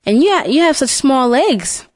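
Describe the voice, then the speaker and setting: A woman's voice: sits high, sing-song, moderate pace, no room sound. Woman putting on a sly scheming wolf.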